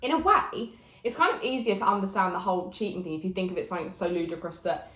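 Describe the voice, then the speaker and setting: A young woman, a guest talking casually and thinking out loud. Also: mid-range voice, sing-song, quick pace. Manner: chatty, thinks aloud with restarts. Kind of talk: casual chat. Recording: roomy echo.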